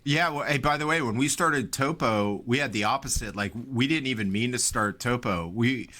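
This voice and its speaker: A man co-hosting a podcast in easy, casual talk. He tells stories with energy and jumps into the voices of the people in them. His pitch sits in the middle range. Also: normal speed. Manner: animated storyteller, acts out quotes. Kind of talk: casual chat, storytelling.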